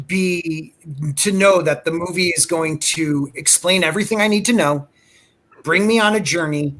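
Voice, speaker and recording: A man's voice: on the high side, fairly bright tone. A man speaking emphatically as a podcast co-host, ranting in casual chat.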